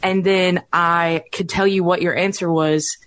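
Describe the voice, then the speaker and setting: A woman co-hosting a podcast, asking questions in a giggly, halting way without a regional accent. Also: on the low side, steady tone, fairly bright tone, no echo. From Alabama. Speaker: podcast co-host. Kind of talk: casual podcast interview.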